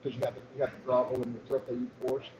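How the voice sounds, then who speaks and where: Middle-aged man, rambling profane host, steady mid voice, loud background hiss. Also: medium pitch, rapid-fire, roomy sound. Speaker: livestream host. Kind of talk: casual chat. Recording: noisy background.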